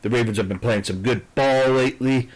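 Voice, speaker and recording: A man's voice: mid-range voice, brisk, faint music behind, low-quality recording. A man giving casual football predictions in a rambling, hesitant way, full of fillers and restarts, and blunt and profane at times. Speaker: vlogger giving football picks.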